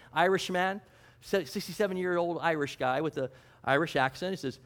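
A fairly high-voiced male pastor preaching in an easy, conversational way. He poses questions and answers them himself, and slips into personal stories with self-deprecating humor. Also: expressive, fairly quick. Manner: storytelling, chuckling, self-deprecating. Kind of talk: conversational sermon.

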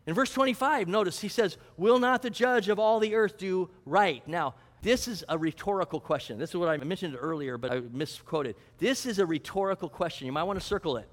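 A man preaching a sermon with a high voice, talking to his listeners and acting out prayers. His voice rings with long reverb. He asks questions, then answers them himself. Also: brisk, hardly any pauses. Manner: acts out prayers and a mock auction. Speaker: pastor.

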